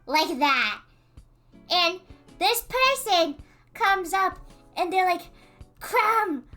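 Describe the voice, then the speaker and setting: A woman streamer casually retelling a story in an animated way, full of fillers and quick laughs. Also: extremely high pitch, soft background music.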